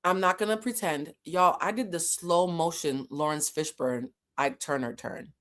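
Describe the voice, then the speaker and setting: A woman vlogger telling a story with animated, profane bluntness. Her voice sits slightly low for a woman. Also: measured pace. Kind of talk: casual storytelling.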